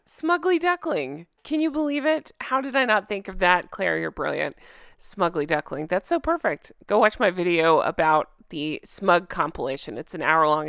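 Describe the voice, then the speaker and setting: A woman vlogger talks straight into a close microphone in casual, sarcastic commentary. Her voice is smooth and clear, dry with no room sound, and she stays animated and laughs often. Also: on the low side, no room sound. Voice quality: self-described drunk-goose voice.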